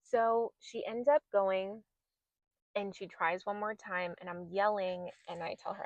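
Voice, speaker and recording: Woman, 30s, podcast host, candid and emotional storytelling, mid-pitched voice, muffled dry sound. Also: steady tone, a little slow, dry recording. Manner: candid, emotional, re-enacts her own past words. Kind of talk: personal storytelling.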